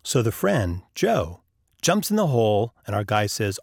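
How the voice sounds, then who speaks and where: A man's voice: medium pitch, big pitch swings, normal speed, darkish tone, slightly rough, no echo, studio quality. A man hosting a podcast, telling a story and acting out the characters' lines. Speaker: podcast host.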